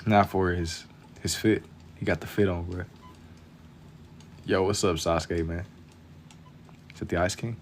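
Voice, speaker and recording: A man's voice: sits low, fairly even intonation, a little slow, long pauses, slight background noise. A young man chatting casually with viewers while drawing on a live stream, laid-back and slangy, keeping his voice down for the late night.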